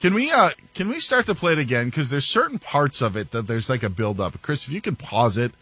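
Animated, laughing talk-show host. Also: male voice, mid-range voice, fairly quick, husky. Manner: animated, laughs often, self-mocking. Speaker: sports radio host. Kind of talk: casual talk show banter.

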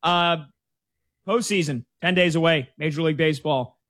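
A man with a fairly high voice hosts a sports betting radio show. He plugs his guest in a breezy, joking way. The sound is dry and close to the mic. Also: moderate pace, fairly bright tone, no echo. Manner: breezy, jokey plugging and questions.

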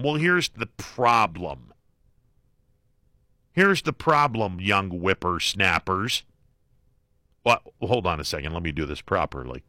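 A man hosting a call-in talk radio show, joking and folksy with plenty of fillers and slow emphasis. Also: deep voice, very animated, pushed and bright, no echo, clean studio sound. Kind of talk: casual talk radio monologue. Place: radio studio. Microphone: studio microphone.

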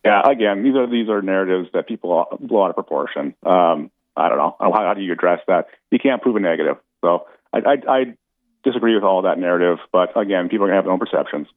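A man with a very deep voice talks quickly over a tinny phone line. He speaks in a halting way, restarting his sentences as he makes his case. The sound is dry and narrow. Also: no echo. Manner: halting, many restarts and fillers. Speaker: city commission candidate calling in. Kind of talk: casual phone interview. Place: in Hawaii on a phone.

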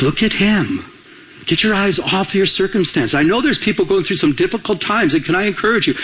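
A man's voice: a little high, a bit bright, slightly rough, rough recording. A man preaching as a pastor, emphatic, repeating key phrases and asking the congregation questions. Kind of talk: sermon.

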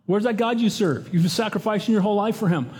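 A man's voice: high voice, fast, darkish tone, voice pushed up, lightly acted. A preacher voicing the taunting enemy, a mocking male spirit. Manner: mocking, goading questions.

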